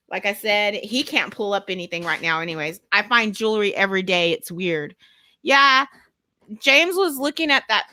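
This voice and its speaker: A woman's voice: mid-range voice, sharp tone, no echo. A woman with a Texas accent chatting casually on a live stream as co-host, rambling and laughing often. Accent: Texan.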